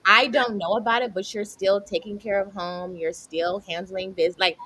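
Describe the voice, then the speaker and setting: A woman's voice: mid-range voice, fairly even intonation, moderate pace, pushed and bright, slight background noise. A woman on a talk show panel, thinking aloud in a casual, hedging way.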